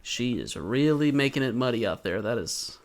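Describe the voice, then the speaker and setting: A man's voice: medium pitch, animated, moderate pace. A man from Georgia with a mild Southern accent, co-hosting a podcast in a casual, teasing chat. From Georgia, USA. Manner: teasing, wry joking. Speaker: podcast co-host. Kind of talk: casual chat recapping an episode. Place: studio at a podcasting table.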